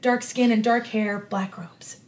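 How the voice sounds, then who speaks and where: A woman playing in a tabletop game, chatting quickly and excitably and laughing often. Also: a little high. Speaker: player. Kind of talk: casual game chat. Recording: a bit far from the mic.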